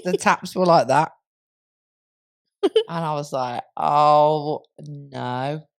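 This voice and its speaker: A woman's voice: sits low, normal speed. Giggly woman telling a story. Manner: giggly, swearing, animated storytelling. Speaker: podcast co-host. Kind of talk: casual storytelling chat.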